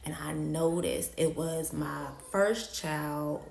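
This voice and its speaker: A woman's voice: deep voice, fairly even intonation, takes it slowly, creaky, darkish tone, reverberant. A woman telling a personal story in a casual vlog, slangy and candid, repeating phrases for emphasis. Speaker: storytime vlogger.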